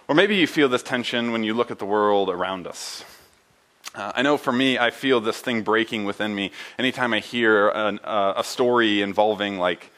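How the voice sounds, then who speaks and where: A man preaching a sermon in a church building, earnest and halting, with frequent fillers and restarts. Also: lowish voice, fairly bright tone. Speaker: pastor.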